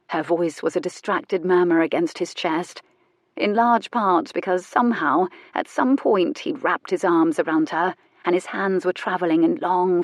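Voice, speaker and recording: A woman reading a romance audiobook in a soft, measured, intimate narration. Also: lowish voice, no room sound.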